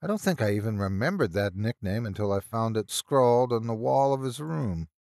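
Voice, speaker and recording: A man voicing a shrewd, blunt female senior doctor who speaks firmly and sometimes softly. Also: medium pitch, expressive, brisk, gravelly, no echo, clean studio sound. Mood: earnest. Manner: firm and blunt, sometimes soft.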